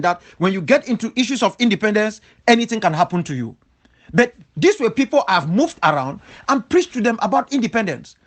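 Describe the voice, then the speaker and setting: A man delivers an impassioned rebuttal as an independence leader. His pitch rises and falls widely as he hammers home repeated rhetorical questions. His manner stays emphatic and insistent throughout. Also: fairly bright tone. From Cameroon, southwest region.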